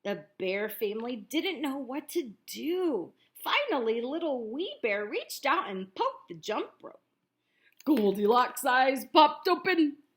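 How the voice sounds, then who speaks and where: Animated woman reading a picture book aloud. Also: high-pitched, takes it slowly. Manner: animated, chatty asides to children. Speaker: teacher reading to children.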